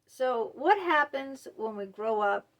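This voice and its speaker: A middle-aged woman hosting a mental health video, speaking candidly and emotionally to camera, halting often with fillers. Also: fairly high pitch, animated, a bit bright. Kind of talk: personal talk to camera.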